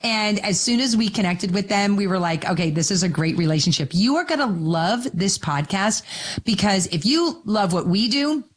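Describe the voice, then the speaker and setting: A woman co-host chatting casually as she introduces guests. Her tone is enthusiastic, with a voice of middling pitch. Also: expressive, normal speed. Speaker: podcast co-host. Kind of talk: casual chat.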